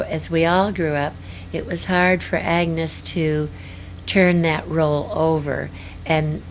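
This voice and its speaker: A woman's voice: deep voice, a little hiss or hum. An older woman reminiscing in an interview, rambling and hesitant with many fillers.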